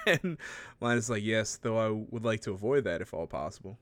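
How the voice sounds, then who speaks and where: A man's voice: medium pitch, wildly swooping pitch, moderate pace, pauses often, a bit bright. A man in casual conversation, retelling a story with lots of laughter and playful voices for the quoted lines. His voice sits in a middle range and sounds dry and close, with no room echo.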